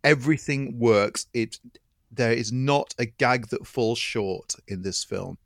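A film podcast co-host speaks slowly with a medium pitch and vocal fry, recorded at studio quality with no echo. He chats about films with enthusiasm, often restarting and repeating words as he works toward a point.

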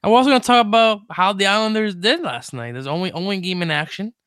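A young man hosting a casual sports podcast, energetic and jokey, with quick stumbling restarts. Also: high voice, smooth, no echo, studio quality. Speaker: podcast host.

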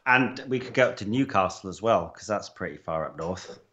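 Brief: lower-voiced man, joking podcast co-host, relaxed banter. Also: a little fast, background noise. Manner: joking, laughs often, relaxed. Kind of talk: casual chat.

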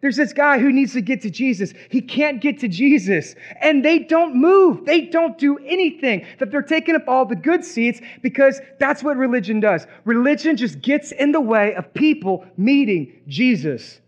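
High voiced pastor guy preaching, emphatic, lots of repeats and jokey bits, kinda muffled. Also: animated, moderate pace, hardly any pauses. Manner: emphatic, rhetorical questions and repetition. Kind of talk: sermon.

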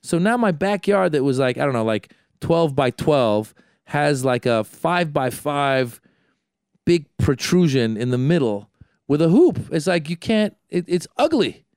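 A man hosting a podcast, telling a story in an animated, self-deprecating way. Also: a little high, a little slow, smooth, no room sound, studio quality. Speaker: podcast host. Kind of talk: casual chat.

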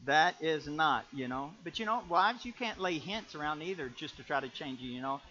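A man preaching as pastor, in a folksy, animated storytelling way that jumps to loud peaks. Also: a little high, normal speed, few pauses, dull audio. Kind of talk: sermon.

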